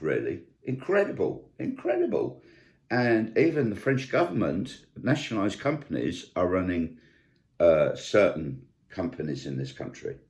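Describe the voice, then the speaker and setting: An older man, talking in a casual vlog monologue and listing examples with indignant emphasis. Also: fairly low pitch. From United Kingdom. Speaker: vlogger.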